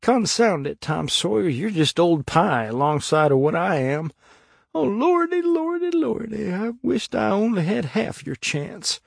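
A man voicing a frightened, superstitious, rough-spoken boy in frantic, high whispers. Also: sing-song, takes it slowly, few pauses, no room sound, clean studio sound, heavily acted. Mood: fearful.

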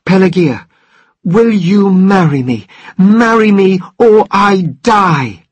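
A man reading the part of a passionate young island man heading to war, speaking in proud, dramatic declarations with a husky voice. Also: a little high, normal speed, no echo. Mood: dramatic pleading.

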